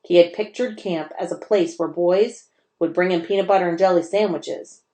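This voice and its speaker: A teacher reading a chapter book aloud to children, with expressive storytelling and a lower woman's voice. The recording is echoey, as if from a bare room. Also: normal speed. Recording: roomy echo.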